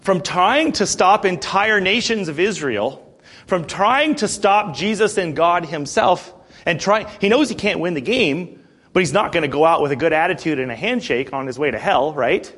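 Animated preaching man, slightly high voice. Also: moderate pace, breathy edge. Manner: animated, swings from quiet to loud. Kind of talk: sermon.

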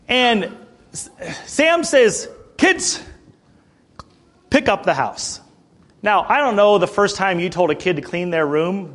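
A man in his thirties, a pastor preaching a sermon, telling a story to the congregation and getting fired up. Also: sits high. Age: 30s. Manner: animated, fired up, talks straight to the congregation.

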